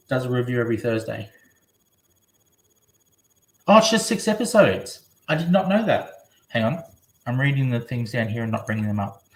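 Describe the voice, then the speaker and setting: A man from Australia talks casually on a live stream, rambling from one thought to the next as he answers viewers' comments. His voice sits at a middle pitch, and the room around him is echoey. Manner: rambling, chatty, reading comments aloud.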